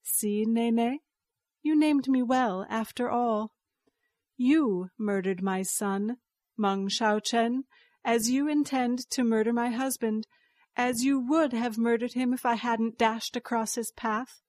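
Woman reader as a resolute rabbit-spirit young wife: calm, slow, measured. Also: fairly high pitch, no room sound, clean studio sound.

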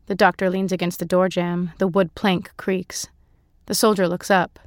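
A woman reading a short story aloud in measured scripted narration, lightly voicing the characters. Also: fairly low pitch, level tone, dry recording. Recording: dry close-mic studio sound.

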